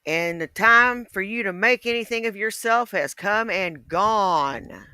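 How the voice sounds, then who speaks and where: Man putting on a bright, high sneering heckler; blunt, mocking insults. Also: measured pace, clear, resonant tone, no echo, studio quality, heavily acted. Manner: mocking, blunt put-downs.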